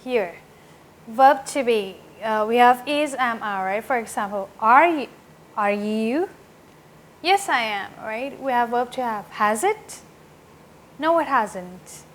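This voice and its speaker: A woman teaching an English grammar lesson, explaining slowly and often checking with "right?". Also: a little high, lively intonation.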